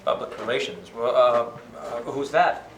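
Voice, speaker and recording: A man's voice: medium pitch, fairly even intonation, unhurried, echoey room, distant mic, slight background noise, lightly acted. An actor playing an awkward new employee who stammers while meeting his coworkers. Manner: unsure, stammering.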